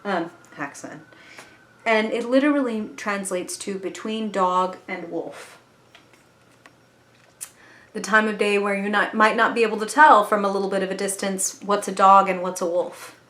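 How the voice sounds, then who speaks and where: A woman's voice: mid-range voice, fairly even intonation, moderate pace, a bit bright. A woman giving a casual spoken tarot reading, chatty and earnest, with the odd casual swear word. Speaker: tarot reader. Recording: echoey room.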